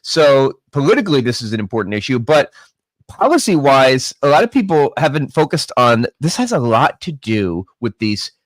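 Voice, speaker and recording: A man chatting as a guest about politics, thinking out loud with emphatic asides. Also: medium pitch, big pitch swings, normal speed, no room sound. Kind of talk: casual political chat.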